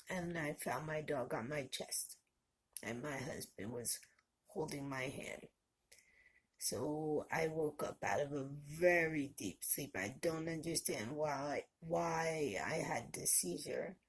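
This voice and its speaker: A woman's voice: low voice, husky. A middle-aged woman vlogging at home, giving folksy, heartfelt advice and blessings to her viewers. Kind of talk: casual talk to camera. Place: indoors at home.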